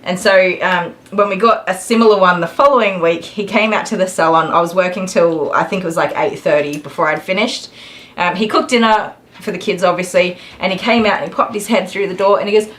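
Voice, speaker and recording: A woman's voice: lowish voice, fairly even intonation, fairly quick, a bit bright, low-quality recording. A woman, chatting on and on to her viewers while she grooms dogs in her salon. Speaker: dog groomer streaming live. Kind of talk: chatty live stream while working. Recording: clipper buzz behind the voice.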